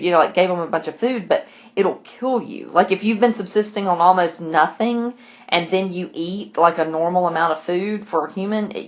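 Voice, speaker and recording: Woman teacher, casual recap lesson, chatty asides, a touch low in pitch. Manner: chatty, retelling with acted quotes and asides. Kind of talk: casual book discussion lesson.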